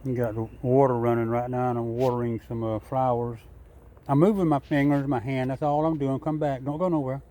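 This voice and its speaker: A man's voice: medium pitch, little pitch movement, fairly quick, mellow. Older man, casual drawl, backyard vlog, talks to animals and camera. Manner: drawling, chuckling, rambling, talks sweetly to the squirrel. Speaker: backyard vlogger feeding squirrels. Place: outdoors in a backyard.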